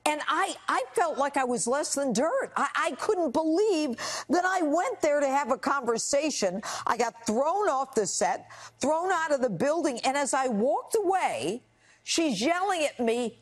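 Middle-aged woman, TV guest, emphatic and indignant, high and very lively pitch. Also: unhurried. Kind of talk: TV interview.

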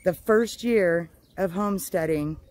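A woman homestead vlogger chatting outdoors in her garden, gushing and exclamatory, with drawn-out words. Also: lowish voice, darkish tone, low-quality recording. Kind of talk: casual excited vlog.

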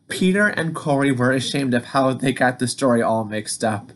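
A man reading a children's storybook aloud, gentle and encouraging toward young listeners. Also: mid-range voice, expressive, moderate pace, hardly any pauses.

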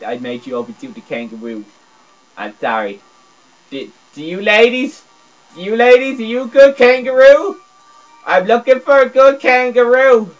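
A goofy gameplay video creator stammers through comedic commentary, repeating words in dopey broken grammar. His voice swings from a low mumble to a high squeal, and the recording sounds dull and lo-fi.

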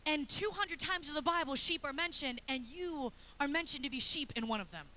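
A high, bright woman's voice delivers a playful, chatty sermon in a church, breaking into little acted scenes as she goes. She sounds like she's in her thirties, and a faint hiss sits under the recording. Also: animated, a little fast. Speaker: pastor's wife preaching. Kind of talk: lively sermon. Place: church sanctuary.

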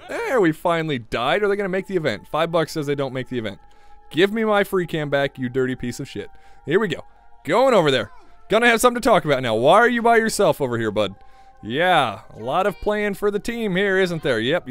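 Young male gameplay commentator, sardonic and muttering, lively slightly raised voice, close pop-filter mic. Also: on the high side. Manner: sardonic, mutters to himself, swears freely. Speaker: gaming video creator. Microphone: pop filter studio mic.

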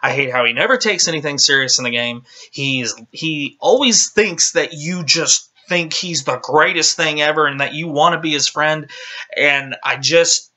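A man's voice: a little high, normal speed, pushed and bright. A man giving a casual ranting video game review, exasperated and often stammering as he restarts his sentences.

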